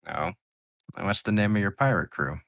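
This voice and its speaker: A man voicing a polite, smooth-talking man in a suit at a bar in a tabletop game. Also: low voice, normal speed, fairly bright tone, no room sound, clean studio sound. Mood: courteous.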